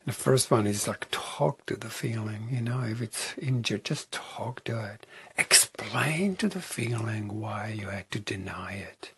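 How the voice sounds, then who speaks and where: A man talking reflectively as an interview guest, soft-spoken and often dropping into a whisper. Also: on the low side, expressive, unhurried, husky.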